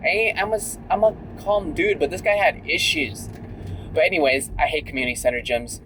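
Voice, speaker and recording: A man's voice: on the high side, a little fast, fairly bright tone, a little hiss or hum, rough recording. A young man talking candidly in a casual vlog while driving, full of "like" and "right?". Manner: chatty and candid, many fillers like "like" and "right?". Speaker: vlogger.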